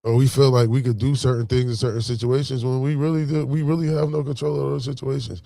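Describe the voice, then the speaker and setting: A man's voice: medium pitch, little pitch movement, fast talker, vocal fry, warm tone, no echo. A man from Buffalo with a Buffalo accent giving a casual motivational talk, slangy and full of "you know what I'm saying.". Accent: Buffalo, New York. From Buffalo, New York. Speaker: vlogger.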